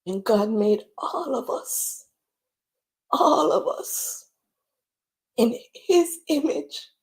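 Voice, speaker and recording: A woman's voice: high voice, expressive, extremely slow, darkish tone. A woman hosting a livestream, tearful and preaching as she pleads with her viewers. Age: adult with children. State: crying at times. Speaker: livestream host. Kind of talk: emotional livestream talk.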